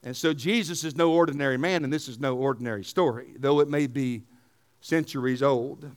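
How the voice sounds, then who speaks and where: A man, a pastor, preaching emphatically, asking rhetorical questions and dropping to quiet asides. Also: mid-range voice, fairly quick. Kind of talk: sermon.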